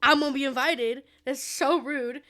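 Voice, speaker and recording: A woman voicing a spiteful, sassy dark fairy while retelling a fairy tale in a podcast chat. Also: sits high, steady tone, moderate pace. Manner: sassy, offended. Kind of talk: playful storytelling impression.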